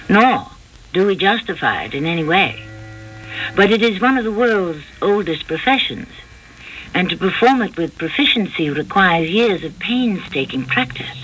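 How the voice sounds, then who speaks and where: A man hosting and narrating a radio mystery drama in a measured storytelling manner. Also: high voice, fairly bright tone, poor audio.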